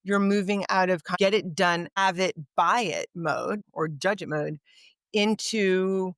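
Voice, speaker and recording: A woman's voice: fairly low pitch, measured pace, fairly bright tone, dry recording, clean studio sound. A woman guest on a podcast, telling a story in conversation and acting out the dialogue of the people in it. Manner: vivid anecdote teller, acts out quoted dialogue.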